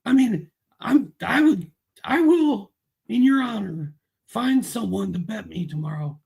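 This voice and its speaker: A man co-hosting a casual sports chat as an analyst, relaxed and agreeable. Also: high-pitched, measured pace, gravelly, slightly rough. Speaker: co-host analyst.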